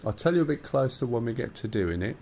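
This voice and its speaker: Gravelly Black Country man streaming. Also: medium pitch, big pitch swings, fast, darkish tone, slight background noise. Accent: Black Country English. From English Midlands. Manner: chatty, bantering with chat while explaining cockpit steps. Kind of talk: casual live-stream chat.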